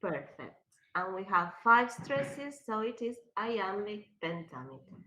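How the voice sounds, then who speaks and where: Slow, bright-voiced woman teacher. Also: mid-range voice, very animated, low-quality recording. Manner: slow and questioning, switches to Spanish. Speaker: literature teacher. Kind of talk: classroom lecture.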